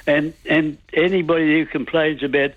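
A man's voice: a little high, level tone, moderate pace, no room sound. An older man calling in to a radio show, cheerful and rambling, often stumbling over his words, heard over a tinny phone line. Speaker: caller. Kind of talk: phone-in chat.

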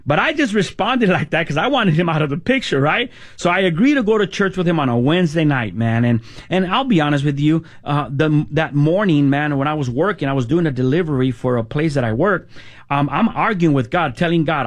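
A middle-aged man tells his personal testimony in a loose, conversational way. His voice sits a little high for a man, and he restarts words and sprinkles in "man" as he goes. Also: animated, fast talker. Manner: casual, repeats words, says "man" often. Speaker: guest sharing testimony.

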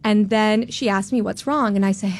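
A woman in her twenties from Florida, telling a personal story on stage in a candid, self-deprecating, animated way. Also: mid-range voice, normal speed. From Tampa, Florida. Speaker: storyteller, law student.

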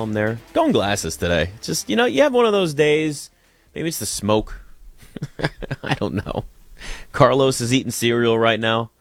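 Male sports talk host, lively swinging delivery, dry close sound, opinionated and chatty. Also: medium pitch, no echo.

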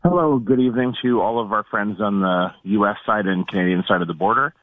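A man's voice: on the low side, fast talker, no room sound. A man calling in to a radio show, friendly and curious, asking several questions in a row. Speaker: caller. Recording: tinny phone line.

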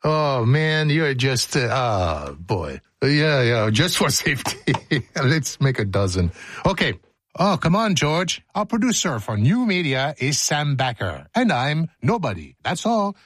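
Husky-voiced man hosting radio. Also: medium pitch, big pitch swings, a little slow, fairly bright tone, no room sound, clean studio sound. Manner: jokey, self-mocking, breaks off mid-line. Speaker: radio host. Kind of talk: playful studio outtakes of scripted narration. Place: radio studio. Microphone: studio microphone.

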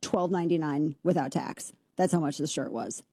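A woman hosts a commentary show, firing off sarcastic rants. Her voice is mellow and dark in tone. It is recorded dry and close, with no room sound. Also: sits low, breathy edge, no room sound. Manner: sarcastic, rapid-fire ranting. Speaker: host.

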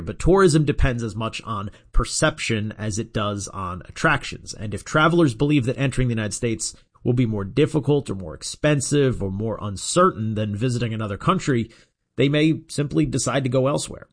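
A man reading a radio commentary in a steady, measured way, closing as a regular of the show. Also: medium pitch.

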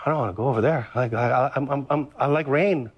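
A man's voice: medium pitch, fast talker, husky. A middle-aged man from Hawaii, a pastor preaching a sermon, telling stories from his own life and acting out his past prayers.

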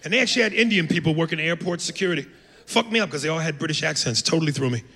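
Brash American male comic, gravelly and forceful, on a reverberant club stage. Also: fairly high pitch, lively intonation, very fast. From United States. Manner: brash, profane, acts out accents. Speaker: stand-up comedian. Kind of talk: stand-up comedy set. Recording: long hall reverb.

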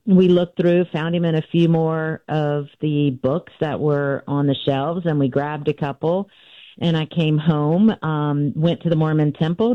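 A woman in her sixties recounts a family story over what sounds like a narrow, tinny phone line. The sound is dry and close with no room around it. She talks in a loose, conversational way, pausing with "um" and restarting sentences as she goes. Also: deep voice, no echo. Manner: recounts events with frequent fillers and restarts, acting out quoted voices. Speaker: author guest.

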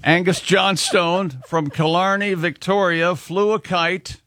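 A man's voice: sits high, fairly even intonation, slow pace, a bit bright, dry recording. A man hosting a morning radio show, reading sports scores and odd news with joking asides. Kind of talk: casual morning show banter.

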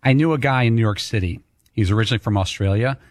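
A man co-hosting a sports talk radio show, telling anecdotes and cracking deadpan jokes. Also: fairly low pitch, fast talker, no room sound, studio quality.

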